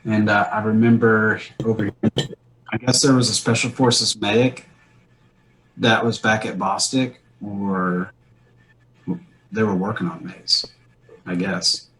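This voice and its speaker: A man's voice: on the low side, fairly even intonation, takes it slowly, pauses often, fairly bright tone, rough recording. A man in his thirties, an army veteran, telling war stories in a blunt, rambling, heavily profane way. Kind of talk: casual war storytelling.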